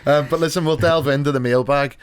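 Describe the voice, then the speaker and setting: A man's voice: fairly high pitch, fairly even intonation, brisk, slight background noise. A man hosting a podcast in casual chat, joking and laughing with his co-hosts. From England. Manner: laughing, joking, tries comic accents. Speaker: podcast host.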